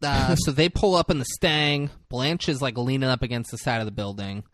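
A man's voice: mid-range voice, fairly even intonation, normal speed, a bit bright, no echo, clean studio sound. A man co-hosting a podcast, casually and profanely retelling a film's plot and slipping into voices for its characters. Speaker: podcast co-host recapping a movie. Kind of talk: casual chat.

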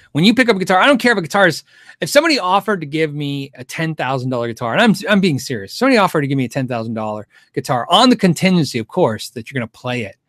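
A man's voice: medium pitch, a bit bright, no echo, clean studio sound. A middle-aged man hosting a casual livestream Q&A, rambling and thinking aloud with frequent restarts and chuckles. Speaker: guitar show host answering viewer questions.

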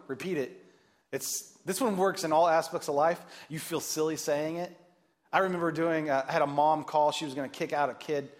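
A man preaching a sermon as pastor, animated and joking, acting out the voices he quotes. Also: fairly high pitch.

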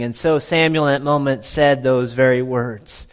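A male pastor preaching a sermon, telling the story dramatically with big swings between loud and hushed. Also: medium pitch, moderate pace, few pauses.

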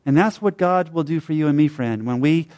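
A man's voice: a little high, fairly quick, a little mellow. A middle-aged man preaching a sermon, telling stories in a conversational way with fillers and tag questions.

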